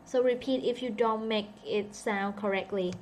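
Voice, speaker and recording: A woman's voice: mid-range voice, fairly even intonation, moderate pace, background noise. A woman who speaks English as a second language (native Vietnamese) teaches a casual online English lesson, thinking aloud and joking about herself.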